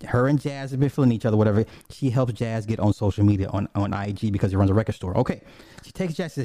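A man's voice: on the low side, fast, mellow, no echo, studio quality. A man casually retelling a TV episode, rambling and profane, with many restarts and asides.

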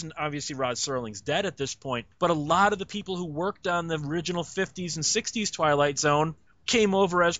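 Blunt, opinionated man with a bright voice. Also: on the high side, no echo. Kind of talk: casual chat about old TV.

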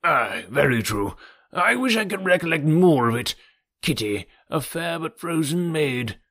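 A fussy, anxious old gentleman and father, as a man reads him aloud, sighing and fretting over his loved ones. His husky voice swings widely up and down, heard close and dry. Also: fairly high pitch, big pitch swings, a little slow, no room sound, voice pushed up, full character voice. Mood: fretful. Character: fretful elderly fond father, gentleman. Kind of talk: audiobook reading.

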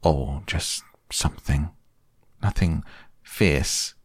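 A man voicing a simple, cheerful little bear who speaks softly and hesitantly, in a storybook reading. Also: a bass voice, very slow, breathy edge, no room sound, studio quality, full character voice. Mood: mild.

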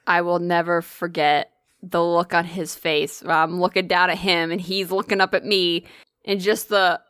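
A woman chatting casually, telling a story with lots of swearing and animated energy. Her voice is bright and forceful, recorded dry and close with no room sound. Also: fairly low pitch, normal speed, clear, resonant tone, dry recording. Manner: animated, profane, swears freely.

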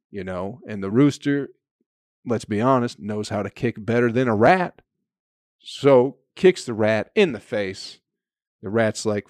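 A man's voice: lowish voice, animated, a little slow, no echo, clean studio sound. A man hosting a comedy podcast, telling a rambling, profane story full of fillers. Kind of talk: casual comedic monologue.

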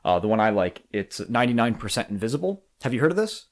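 An easygoing man hosts a relaxed podcast conversation. His pitch moves around a lot, and he laughs often and fills pauses with ums and uhs. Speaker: podcast host. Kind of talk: casual chat.

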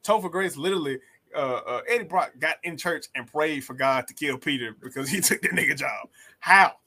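A man's voice: on the high side, brisk, sharp tone, slightly rough. A young man co-hosting a casual podcast, joking around and acting out movie scenes as he talks. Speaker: podcast co-host. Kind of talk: casual chat.

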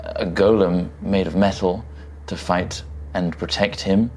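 A man playing a tabletop game, speaking in character in a measured, formal way. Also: low voice, fairly even intonation, darkish tone, slight background noise. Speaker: player.

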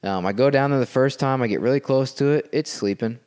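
Brisk and medium-pitched, this man is a podcast guest spinning a story in casual conversation inside a house. He's an animated storyteller who keeps pausing to check in with listeners using "okay?"

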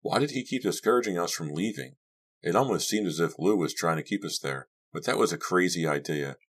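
A man with a very deep, low voice narrates an audiobook. His reading is steady and measured, scripted throughout.

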